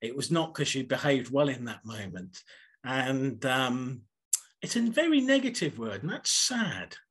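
A man preaching a sermon over a video call, telling stories in a husky voice and acting them out. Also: medium pitch, unhurried. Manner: animated, acts out stories.

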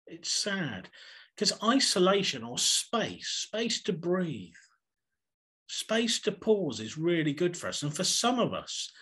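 Husky guy preaching over a video call, voice goes way up and down. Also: high-pitched, takes it slowly. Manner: animated, acts out stories. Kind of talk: sermon.

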